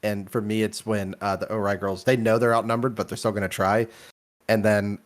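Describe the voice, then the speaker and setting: A man's voice: on the low side, level tone, brisk. A young man co-hosting a casual podcast chat, eager and agreeable, often starting with small hesitations. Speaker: podcast co-host.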